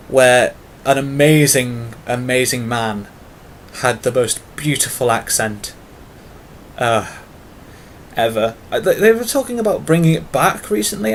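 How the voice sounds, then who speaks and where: A man's voice: mid-range voice, slight background noise. Rambling British man vlogging. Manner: rambling and long-winded, with many fillers; self-mocking asides. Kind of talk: casual tag-video monologue.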